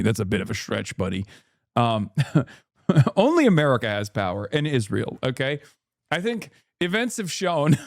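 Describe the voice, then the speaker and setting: A streamer man riffs on clips in a sarcastic, swearing way, looping his own catchphrases. His voice sits a little high for a man and sounds close and dry, with no room around it. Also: no echo. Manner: sarcastic, profane, riffing and repeating phrases for effect. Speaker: streamer host reacting to clips. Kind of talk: casual live-stream commentary.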